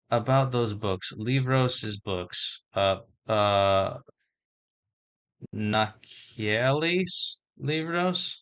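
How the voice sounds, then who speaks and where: A man vlogging casually as he learns a language, slowly sounding out and spelling words and thinking aloud. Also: medium pitch, expressive, fairly bright tone, clean tone.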